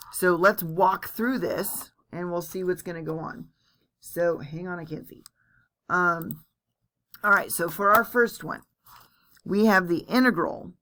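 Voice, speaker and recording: A woman's voice: on the low side, a bit bright. Chatty woman teaching calculus. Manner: chatty, self-deprecating, walks through steps aloud. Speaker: math teacher. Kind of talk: recorded calculus lecture.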